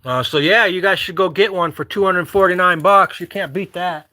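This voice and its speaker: A man from Michigan vlogging casually, rambling and joking with loud whoops. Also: high voice, moderate pace. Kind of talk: casual outdoor vlog chat.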